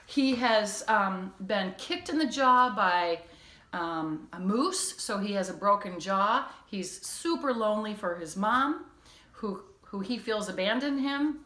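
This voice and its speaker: A woman teacher reads a children's chapter book aloud, recapping the story casually and then reading with expression. Her voice sits at a middling pitch, and the room adds a noticeable echo. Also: expressive, slow, sharp tone. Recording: echoey room.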